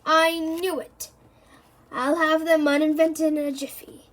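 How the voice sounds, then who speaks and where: A woman's voice: high voice, level tone, measured pace, pitched above the performer's own voice. A woman reading aloud the lines of a pompous, eccentric older male professor who makes grand pronouncements. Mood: indignant. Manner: grand, proclaiming, easily offended.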